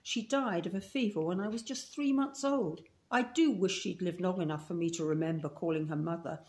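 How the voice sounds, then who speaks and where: A woman's voice: on the low side, fairly quick, a little mellow, close to an everyday voice. A woman with a Scottish accent reading aloud as a talkative, romantic eleven-year-old orphan girl in a storybook. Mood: chatty. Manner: gushing, romantic, breathless run-on talk.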